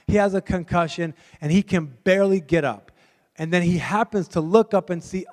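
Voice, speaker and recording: A man's voice: high voice, fairly even intonation, moderate pace, mellow, big-room sound. A man preaching a sermon as guest pastor, telling a story in a chatty way and acting out the voices of the people in it. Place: church sanctuary.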